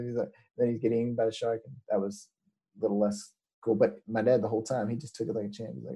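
A man's voice: lowish voice, little pitch movement, fast talker, warm tone, husky, low-quality recording. A man in casual chat telling a rambling story, acting out what others said. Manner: rambling, many fillers and restarts, acts out quotes.

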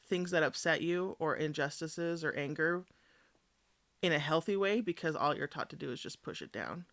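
A woman's voice: low voice, lively intonation, normal speed, a bit bright, no echo. A woman in casual chat, speaking frankly and swearing now and then.

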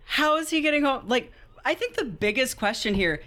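A woman's voice: sits high, expressive, normal speed, fairly bright tone. A woman co-hosting a podcast, chatting casually about a book, incredulous and swearing freely with lots of "like". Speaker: podcast co-host.

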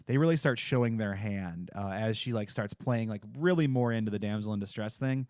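A man's voice: lowish voice, fairly quick, a little mellow, dry recording, clean studio sound. A man co-hosting a podcast, recapping a TV episode in a rambling, jokey way with lots of fillers. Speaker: podcast co-host. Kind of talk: casual chat recapping a TV episode.

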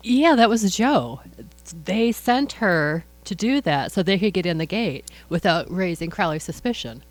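A woman's voice: fairly low pitch, animated, measured pace, dry recording. A woman co-hosting a casual podcast, chiming in with easygoing details and corrections. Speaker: podcast co-host. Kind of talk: casual chat.

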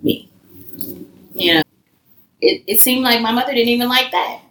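A woman's voice: fairly high pitch, normal speed, a bit bright, distant mic. A woman talking candidly and emphatically about her past in a loose, casual way. Her voice sits a little back from the microphone. The room around her is echoey. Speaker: guest. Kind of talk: candid personal conversation. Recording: echoey room, voice a bit off-mic.

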